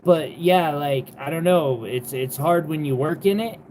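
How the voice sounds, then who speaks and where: In an unhurried, slightly mellow mid-range voice, with a little hiss or hum on the audio, a young adult jewelry seller chats casually during a livestream sale. The talk wanders, sounds exasperated, and includes lots of fillers and an occasional swear.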